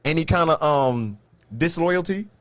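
A middle-aged man co-hosting a relaxed podcast, his voice rising and falling with real animation. He asks questions and laughs easily, and the recording is close and dry, with no room sound. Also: on the high side, a little slow, no echo. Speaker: podcast co-host. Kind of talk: casual chat.

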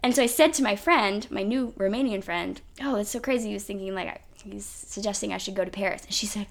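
A woman's voice: medium pitch, quick pace, gravelly, hardly any pauses. Chatty woman podcast host. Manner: chatty, full of "like" and "um" fillers. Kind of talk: casual storytelling.

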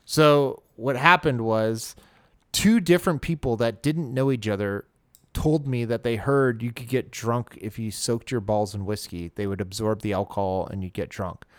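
Young man, smooth clear voice. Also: mid-range voice, normal speed, no room sound. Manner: self-deprecating, laughs at himself. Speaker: podcast co-host. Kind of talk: casual podcast chat.

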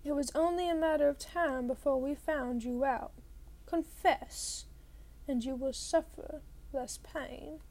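A woman's voice: high-pitched, measured pace, vocal fry, a little mellow. A woman voicing a cold, threatening female teacher who is secretly a monster, read as an audiobook. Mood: menacing. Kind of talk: audiobook reading.

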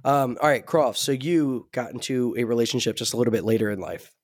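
Young male podcast co-host, mid pitch, dry sound, relaxed and wry. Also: fairly quick, no room sound. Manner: relaxed, joking, steering the talk. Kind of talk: casual chat.

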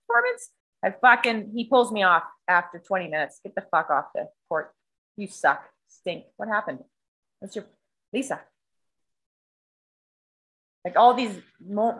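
Telling a story in conversation, this woman swears freely and brings it to life by performing other people's voices and sound effects. She has a mid-range voice, speaks at normal speed, and pauses often; the recording is rough.

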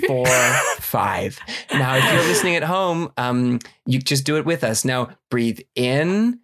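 Casting: halting, mock-calm male co-host. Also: mid-range voice, heavy background noise. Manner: hesitant, filler-heavy, mock-soothing. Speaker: podcast co-host. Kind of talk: comedy podcast chat.

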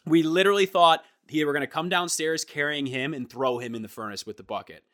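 Bright-voiced young man telling a story. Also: fairly high pitch, brisk. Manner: animated, laughing storyteller acting out quotes. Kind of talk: casual storytelling chat.

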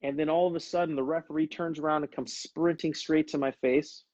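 This former pro soccer player in his thirties hosts a relaxed livestream, spinning easygoing stories and addressing people as brother. His voice sits on the high side, a little fast and steady, with a darkish tone, in a dry recording with the highs cut off.

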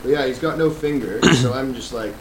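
Australian man telling a lively story. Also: mid-range voice, a little fast, crowd noise. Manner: animated storytelling, acts out quoted voices, laughs often. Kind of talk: casual podcast chat. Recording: echoey room with faint noise.

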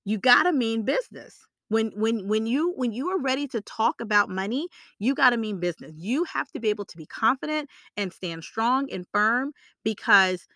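A woman's voice: fairly high pitch, animated, moderate pace, few pauses, sharp tone, no room sound, studio quality. A woman coaching on salary negotiation in a motivational, emphatic way. She repeats her key points and keeps checking in with the listener. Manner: emphatic, repeats key phrases, frequent tag questions. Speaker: career coach.

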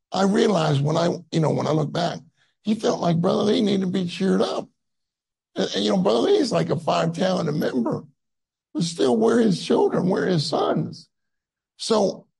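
A man's voice: mid-range voice, vocal fry, warm tone, husky, low-quality recording. A man giving a sermon, telling a personal story in a conversational, earnest way with many asides. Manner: conversational, full of asides and fillers; tender and earnest when recalling. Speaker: conference speaker.

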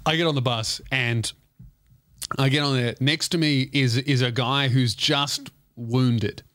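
A man's voice: medium pitch, fairly even intonation, a little slow, a bit bright, dry recording, clean studio sound. A man, a podcast host telling a rambling, profane comic story. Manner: rambling, profane, laughing at his own story. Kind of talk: comedic storytelling.

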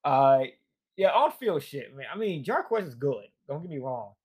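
A weary young man vents in a loose, profane rant, sighing and trailing off between bursts of frustration. His voice sits at an ordinary middle pitch, tired and worn down. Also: big pitch swings, moderate pace, slightly rough. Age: young adult. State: fatigued. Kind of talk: casual rant.

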